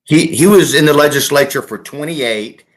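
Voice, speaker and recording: A man's voice: a little high, normal speed. A middle-aged man from South Carolina, a former state legislator, talking politics as a guest in an interview with folksy self-corrections and restarts.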